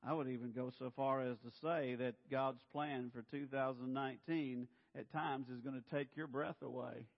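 A male pastor preaching a sermon, animated, speeding up and then slowing down to stress points. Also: mid-range voice, gravelly. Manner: animated, pushes pace then slows for emphasis. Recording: dull, echoey hall.

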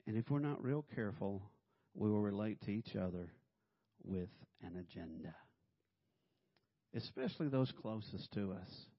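A man's voice: fairly low pitch, moderate pace. A man preaching a sermon in a conversational way, with humorous asides and acted-out quotes. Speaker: pastor. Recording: dull lo-fi recording.

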